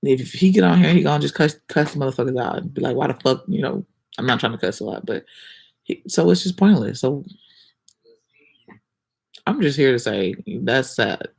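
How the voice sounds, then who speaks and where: Gravelly-voiced woman livestreamer, defensive. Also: very deep voice, animated, normal speed, long pauses, a little mellow. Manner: defensive, slangy, answers viewers. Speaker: livestreamer reading comments. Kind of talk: casual livestream chat.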